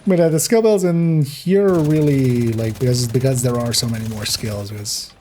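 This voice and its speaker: A man's voice: medium pitch, normal speed, mellow, a little hiss or hum. A man streaming a game, rambling casually as he plays, chuckling often and correcting himself mid-thought. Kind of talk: casual gameplay commentary.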